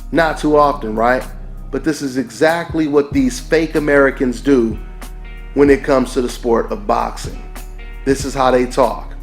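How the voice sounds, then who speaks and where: A man hosting a boxing channel, delivering an emphatic opinion rant that keeps repeating its points and asking "right?". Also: a little high. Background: faint background music.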